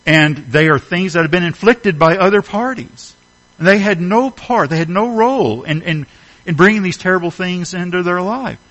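A man's voice: sits high, normal speed, fairly bright tone, poor audio. A middle-aged man preaching a sermon, earnest and emphatic, asking his listeners rhetorical questions. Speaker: pastor.

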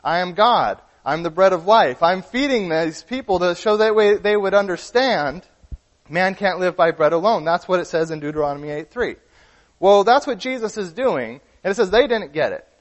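A man with a high voice delivers a sermon, earnest and searching, often stopping to restart a sentence. His words carry a long reverb, as if spoken in a large hall. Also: lively intonation, normal speed. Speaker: preacher.

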